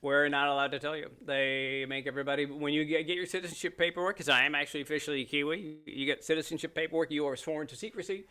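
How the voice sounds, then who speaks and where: A man from Canada in middle age, guesting on a chat podcast. His voice is bright and pitched a little high, and he keeps slipping into quick impressions and laughter as he spins his stories. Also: steady tone, smooth. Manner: joking storyteller, laughs often, mimics voices. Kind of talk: casual chat.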